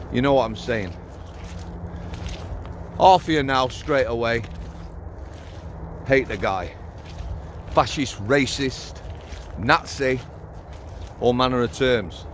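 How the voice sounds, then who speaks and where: A man in his fifties from Sheffield, Yorkshire, England, a former prison officer, speaks bluntly to camera outdoors on a cold hilltop in a casual monologue. His Sheffield Yorkshire voice is fairly high and expressive, slow with frequent pauses, delivered in short, punchy phrases. There's a little hiss or hum in the recording.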